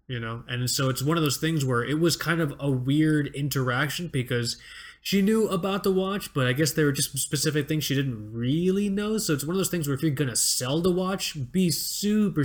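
A young man co-hosting a podcast in casual chat, rambling, swearing and repeating words, often laughing. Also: medium pitch. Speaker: podcast co-host.

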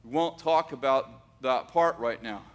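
A man telling a story aloud, unhurried, with dramatic pauses and frequent restarts. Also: mid-range voice. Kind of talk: oral storytelling.

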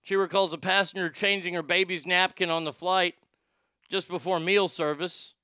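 A man hosting a comedic podcast, reading stories and ranting, with sudden loud outbursts and quiet muttered asides. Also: high-pitched, fairly even intonation, normal speed, dry recording, studio quality. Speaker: show host.

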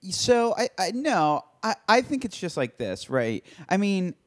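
A man's voice: high voice, very animated, measured pace, no echo. A man in casual conversation, talking freely and filling his speech with "like" and "right?". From United States. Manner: talkative, fills with "like" and "right?".

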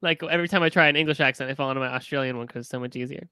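A man's voice: mid-range voice, rapid-fire, pushed and bright, smooth, dry recording. A man hosting a casual chat over a video call, blunt and teasing. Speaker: podcast host.

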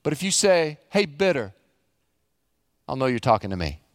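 A middle-aged man, a pastor preaching a sermon, animated, acting out the quotes he reads. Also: medium pitch, moderate pace, no room sound, clean studio sound.

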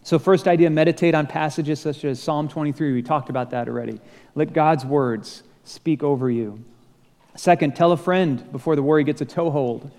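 A man's voice: on the high side, normal speed, darkish tone. A man preaching a sermon as pastor, conversational and lightly humorous, acting out bits of dialogue. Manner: conversational, self-deprecating humor, acts out dialogue. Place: church sanctuary. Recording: long reverb of a large hall.

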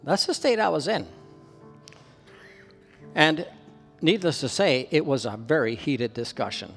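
A man's voice: on the high side, animated, a little slow, creaky, fairly bright tone, slightly rough, faint music behind. A Canadian man preaching a sermon as pastor, telling a personal story in an earnest way, his voice rising for emphasis. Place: church hall with long reverb. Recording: reverberant hall.

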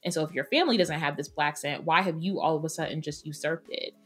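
A woman co-hosting a podcast roundtable, talking in an emphatic, opinionated, animated way. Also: sits low, quick pace, slightly rough. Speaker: podcast co-host. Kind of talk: casual roundtable chat.

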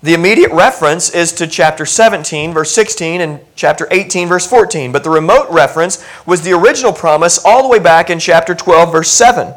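Middle-aged guy preaching a sermon, chatty and jokey, kinda high voice that jumps around a lot. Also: fairly quick, hardly any pauses. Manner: animated, conversational preaching with asides and humor. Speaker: pastor.

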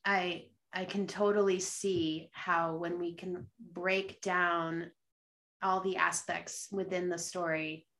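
A woman's voice: lowish voice, little pitch movement, slow, fairly bright tone. A woman hosting a podcast interview, responding with effusive admiration. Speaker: podcast host.

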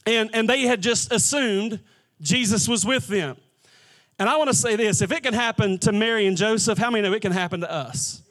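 A male pastor with a notably high voice delivers a sermon inside a church. His preaching is conversational and casual, often doubling back on his words as he talks. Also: a little fast, fairly bright tone. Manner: conversational preaching with repeated restarts. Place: church sanctuary.

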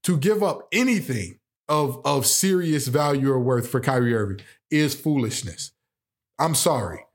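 A man hosting a sports talk show, giving opinionated commentary with animated rhetorical questions and sarcastic jokes. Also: medium pitch, moderate pace.

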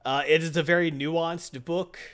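A man casually reviewing a comic series, rambling and animated, acting out voices while telling a joke. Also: a little high, moderate pace.

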